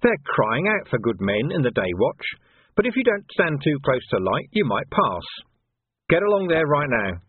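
A man doing Vimes, a gruff watch sergeant. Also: a little high, very animated, normal speed, dry recording, pitched above the performer's own voice. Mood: stern. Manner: curt, commanding, dry sarcasm. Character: gruff hard-bitten middle-aged male watch sergeant. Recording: tinny narrow audio, dry.

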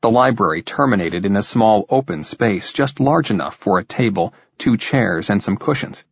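Low husky male audiobook narrator. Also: dry recording. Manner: measured, even storytelling. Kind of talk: scripted narration. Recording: dull, dry lo-fi recording.

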